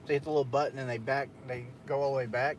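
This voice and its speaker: A man's voice: mid-range voice, fairly even intonation, rapid-fire, slight background noise. A young man hosting a casual late-night stream, telling a story in a loose, profane way with frequent laughs. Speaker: streamer host.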